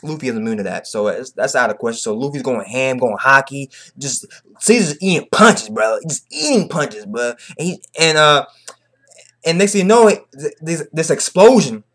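A young man giving a casual, slang-heavy chapter recap, excitable and repetitive. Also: medium pitch, moderate pace. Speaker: manga reviewer.

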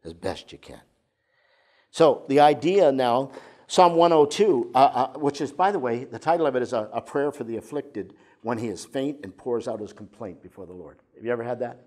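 An older man preaching a sermon as a pastor, moving between emphatic points and soft, intimate asides. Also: medium pitch, moderate pace. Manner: expressive preaching, drops to soft intimate tones.

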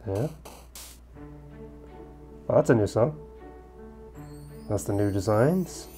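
A man's voice: on the low side, lively intonation, slow pace, dark tone, soft background music. A man casually commenting on a game and reading its dialogue aloud, with joking asides. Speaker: let's-play gamer. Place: at home in Korea.

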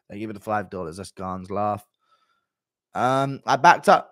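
A man streaming live and reading chat messages aloud, crude and deadpan with mumbled asides. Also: on the low side, moderate pace, pauses often, dry recording, clean studio sound.

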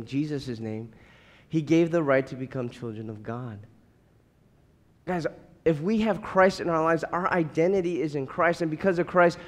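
A pastor in his thirties delivers a sermon in a high, bright-edged voice, earnest and pressing, often doubling words as he builds toward a point. A long reverb tail suggests a large hall.

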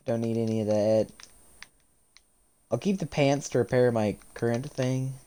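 A man giving live commentary as he plays a game, animated and often laughing, chatting to the characters on screen. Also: mid-range voice, a little slow, clean tone. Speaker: streamer.

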